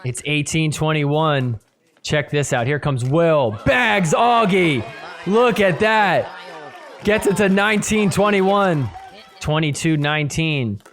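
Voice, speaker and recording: A man hosting a podcast, giving excitable play-by-play commentary over match footage and shouting at the big points. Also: fairly high pitch, takes it slowly, faint music behind. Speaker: podcast host.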